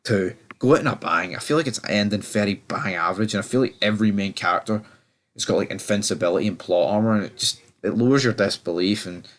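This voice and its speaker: A man's voice: lowish voice, quick pace. A man casually reviewing a TV episode, rambling, stammering over words and swearing now and then.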